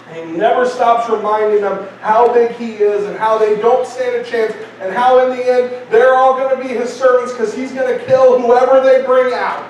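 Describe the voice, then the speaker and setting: A man's voice: very high voice, far from the mic, slight background noise. A man preaching a sermon in a church, conversational and repetitive, building emphasis. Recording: very echoey church hall from afar.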